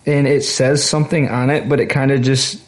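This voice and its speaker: A man's voice: medium pitch, flat delivery, a little fast. A young man co-hosting a podcast and running a guessing game, teasing his partner in a dry, wry way. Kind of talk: casual chat.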